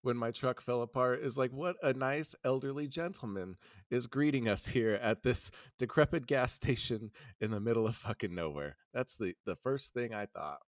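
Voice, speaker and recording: A man's voice: medium pitch, normal speed, no room sound, studio quality. A man co-hosting a podcast and playing a tabletop game, talking in a sarcastic way. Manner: sarcastic, laughing. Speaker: podcast co-host, player.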